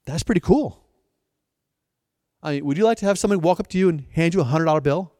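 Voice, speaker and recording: A man's voice: a little high, quick pace, mellow, no echo, clean studio sound, in a large hall. A male pastor giving a sermon, telling stories with repeated restarts and playful asides.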